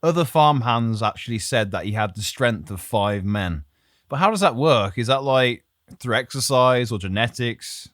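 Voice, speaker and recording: A man's voice: medium pitch, lively intonation, moderate pace, a bit bright, no echo. A man co-hosts a podcast and retells a pirate legend in a loose, joking chat. He keeps laughing and wanders into asides as he goes. His voice sits in a middle range and is recorded close and dry. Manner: jokey, laughs often, rambling asides. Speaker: podcast co-host telling the story. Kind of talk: casual storytelling chat.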